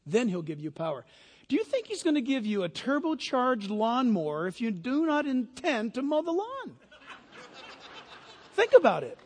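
A middle-aged man preaching a sermon as pastor, swinging from hushed storytelling to loud, fervent exhortation. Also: very high voice. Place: church sanctuary. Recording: long hall reverb.

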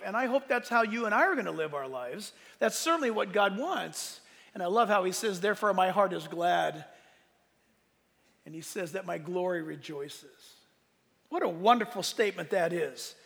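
A man preaching a sermon as a pastor, emphatic, asking rhetorical questions, with loud bursts of emphasis. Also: very high-pitched, big pitch swings, unhurried, gravelly, in a large hall.

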